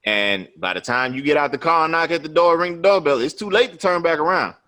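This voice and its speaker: A man's voice: fairly high pitch, lively intonation, fairly quick, sharp tone. A man in his thirties, a podcast host, telling a personal story in loose, profane chat and tagging his lines with "you know what I'm saying".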